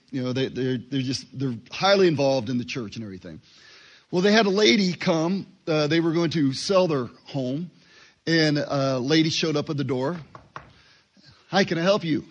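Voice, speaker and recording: A man giving a relaxed Bible teaching, talking conversationally and acting out short dialogues. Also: fairly high pitch, moderate pace, dull audio. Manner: conversational, acts out little dialogues, fillers.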